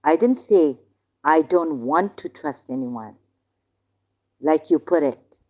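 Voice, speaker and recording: A woman's voice: low-pitched, animated, slow pace, darkish tone. A woman hosting a live stream, arguing heatedly with a caller and insisting again and again that her words are being twisted. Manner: insistent, repeats herself, cuts in to object. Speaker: livestream host.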